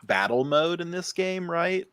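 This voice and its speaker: A man's voice: a little high, lively intonation, a little slow, a bit bright, clean tone. A man co-hosting a casual podcast, playful and joking. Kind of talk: casual chat.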